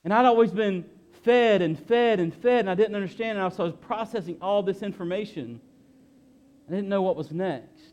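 A middle-aged man gives a sermon, sharing his own story in an earnest, halting way with many restarts and repeated phrases. His voice sits a little higher than most men's. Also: a little mellow, muffled recording. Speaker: pastor. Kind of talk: sermon with personal testimony.

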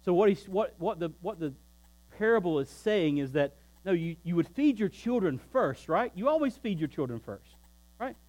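A man's voice: very animated, moderate pace, rough recording. Man preaching a sermon. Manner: emphatic, rising to loud preaching and dropping low. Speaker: pastor.

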